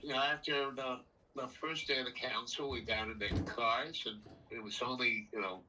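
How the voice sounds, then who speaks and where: A man's voice: mid-range voice, steady tone, moderate pace, distant mic, background noise. An older man telling a meandering personal story that jumps around in time. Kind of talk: rambling personal anecdote.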